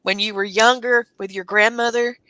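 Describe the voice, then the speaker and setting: A woman's voice: a little high, steady tone, moderate pace, bright, forceful tone, no room sound. A woman co-hosting a casual podcast, chatty and asking her guest questions. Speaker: co-host.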